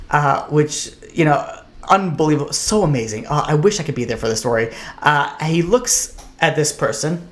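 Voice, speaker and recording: A man teaching a casual Torah class as a rabbi, talking in a loose, conversational way with lots of fillers and restarts, and getting emphatic on his questions. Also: a little high.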